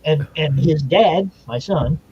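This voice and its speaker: A man's voice: fairly high pitch, takes it slowly, a little mellow. An older man hosting a comic talk show, chatting casually and rambling with restarts. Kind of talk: casual chat. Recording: muffled stream audio with faint noise.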